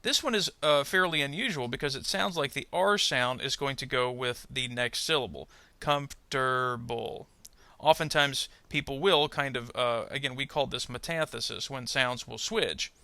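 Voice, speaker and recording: A man teaching English pronunciation, speaking slowly and deliberately and saying each example word twice. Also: mid-range voice, sharp tone, dry recording. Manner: slow, deliberate, models example words twice. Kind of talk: instructional narration.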